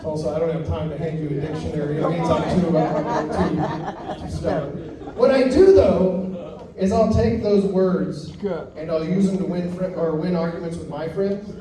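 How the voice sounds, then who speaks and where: A man doing stand-up in a comedy club, telling stories deadpan with quick acted quotes. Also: on the high side. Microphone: handheld stage mic. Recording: echoey club from far off, crowd. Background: audience laughing.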